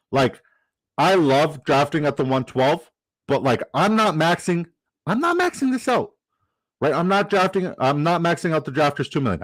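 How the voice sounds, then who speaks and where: A man's voice: medium pitch, no echo, poor audio. A man hosting a fantasy football livestream, chatting casually, joking and reading out the chat. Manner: upbeat, jokey, reads chat aloud.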